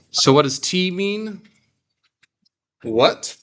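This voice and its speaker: A man teaching a classroom, drawing out phrases slowly for the class to repeat. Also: mid-range voice, expressive, a bit bright, a little hiss or hum. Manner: slow, drawn-out model phrases for repeating. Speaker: Greek teacher.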